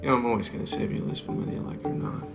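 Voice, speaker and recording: A man's voice: racing, big-room sound, lightly acted. An actor playing a playful, cocky male consultant in a TV drama, talking in a teasing, breezy, coaxing way. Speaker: police consultant. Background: faint film score music.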